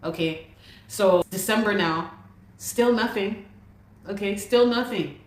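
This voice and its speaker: A woman's voice: medium pitch, takes it slowly. A woman from Ghana giving an emotional personal account as an interview guest, exasperated and repeating herself as she vents. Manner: exasperated, repeats words while venting. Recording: roomy echo.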